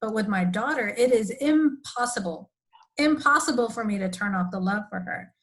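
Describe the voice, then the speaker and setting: Higher-voiced reflective woman host. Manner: reflective, animated, with quick laughs. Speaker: podcast host. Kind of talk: casual podcast conversation.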